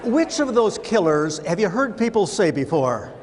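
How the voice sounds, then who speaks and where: High-voiced man telling funny stories. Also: big pitch swings, moderate pace. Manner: humorous storytelling, punchline timing. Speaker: motivational speaker. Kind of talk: keynote speech to a live audience. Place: large room with audience.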